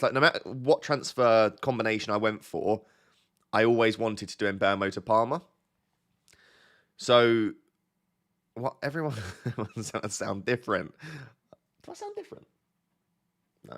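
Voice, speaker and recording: A man's voice: lowish voice, moderate pace, fairly bright tone. A man talking casually on a live stream, rambling and self-deprecating as he thinks aloud to his chat, his voice slightly bunged up. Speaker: fantasy football streamer.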